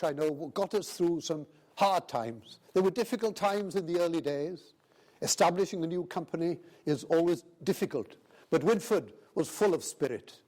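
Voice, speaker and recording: An older man with a Welsh accent giving an anecdotal festival speech, pausing often with fillers and addressing the chairman. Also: high-pitched, a little mellow. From Wales. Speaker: speaker. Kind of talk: after-dinner speech. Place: festival hall.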